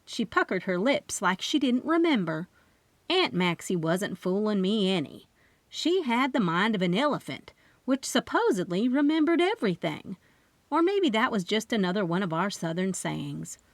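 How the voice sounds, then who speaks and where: A woman reading a first-person mystery audiobook with expressive, lively narration. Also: mid-range voice, moderate pace, dry recording.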